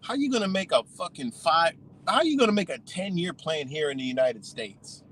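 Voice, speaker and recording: A man's voice: a little high, lively intonation, moderate pace, a bit bright, husky, poor audio. A man hosting a livestream, ranting in a heated, profane, rambling way with scattered laughs. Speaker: livestream host. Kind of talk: profane casual rant.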